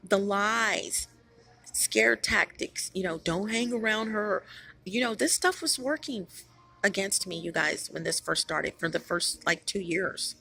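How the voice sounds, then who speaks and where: A woman's voice: medium pitch, measured pace, gravelly, sharp tone, breathy edge. A woman hosting her own channel, talking in a rambling, emphatic vlog monologue with many restarts, tired after being up all night. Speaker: channel host.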